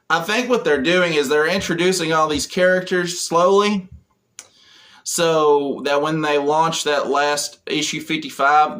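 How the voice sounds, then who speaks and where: A chatty man with a slightly high, somewhat bright voice recaps a comic in a casual spoken review. As a comic book reviewer, he retells the plot in a rambling way, full of fillers.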